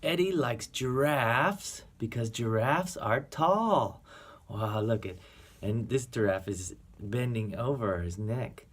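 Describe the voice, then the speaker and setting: Reading a children's picture book aloud to a young child, a man at medium pitch plays the reading teacher, keeping it playful with animal sounds and soft whispers.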